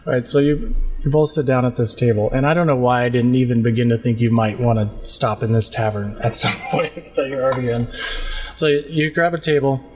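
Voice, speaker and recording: A man running a tabletop game as game master, narrating in a relaxed, giggly way. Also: medium pitch, a little fast, big-room sound.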